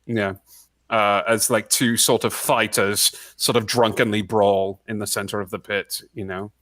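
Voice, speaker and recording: Guy player rambling with lots of ums, bright tone, dry mic. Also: lowish voice, flat delivery, unhurried, no room sound. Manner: rambling, hesitant, with many fillers. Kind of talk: casual tabletop play.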